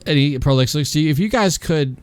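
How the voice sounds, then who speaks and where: A man narrating as game master of a tabletop game, with descriptive, unhurried narration. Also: fairly high pitch, lively intonation, clear, resonant tone, no echo.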